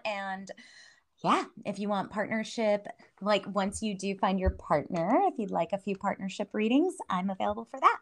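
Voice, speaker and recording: A woman, a spiritual healer guest, chatting casually on a podcast, laughing often and using many fillers. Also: a little high.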